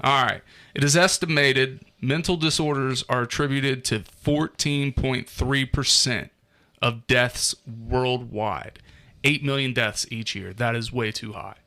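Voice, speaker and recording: A man's voice: medium pitch, fairly even intonation, slow, bright, forceful tone. A man co-hosting a casual podcast, reading statistics aloud in a loose, profane way. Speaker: podcast co-host.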